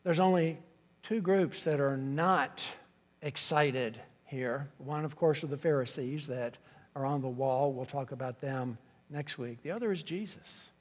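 A man's voice: mid-range voice, a little slow, big-room sound. A man preaching an expository sermon, teaching earnestly and often restarting his sentences. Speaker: pastor.

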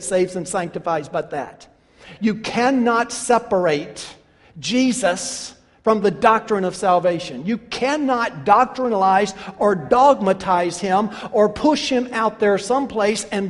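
High-voiced man preaching in a big hall. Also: lively intonation, a little slow. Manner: emphatic and rhetorical, repeating questions; swings between hushed and loud passages. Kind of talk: sermon. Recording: long reverb of a large hall.

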